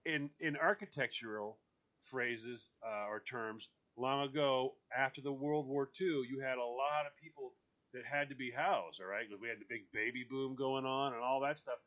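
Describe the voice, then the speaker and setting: A man hosting a radio show, chatting casually with a co-host, joking and animated. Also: mid-range voice, highs cut off. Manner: animated, joking, quick bursts of excitement; laughs often while talking.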